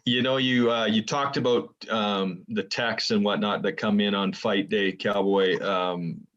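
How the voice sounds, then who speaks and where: An American man hosts a podcast and puts his questions with many pauses and ums. His voice sits a bit low. The recording sounds somewhat dull. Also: fairly even intonation, fairly bright tone. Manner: hesitant, filler-heavy questions. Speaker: podcast host. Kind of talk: casual podcast chat.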